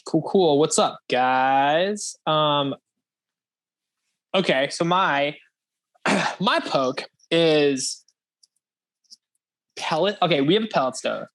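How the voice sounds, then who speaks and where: Young male podcast host, slightly high pitch, loose rambling chat with casual swearing. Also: expressive, slow pace, pauses often, a bit bright.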